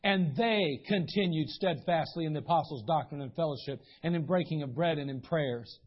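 A man with a high, husky voice preaches to his congregation, spinning folksy stories and briefly acting out the people he quotes. The recording sounds dull and muffled. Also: moderate pace. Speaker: pastor. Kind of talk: sermon. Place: church sanctuary.

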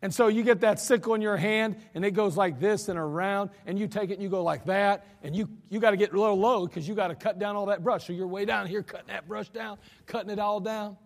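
A man's voice: sits high, brisk, hardly any pauses. An American man preaching a sermon in a church sanctuary, folksy and emphatic as he tells stories from the pulpit. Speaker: pastor. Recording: church hall reverb.

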